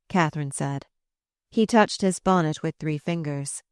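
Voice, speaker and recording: A woman narrating a novel aloud in a measured, subdued reading voice. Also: deep voice, fairly even intonation, no echo, studio quality. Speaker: audiobook narrator. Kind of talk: scripted narration.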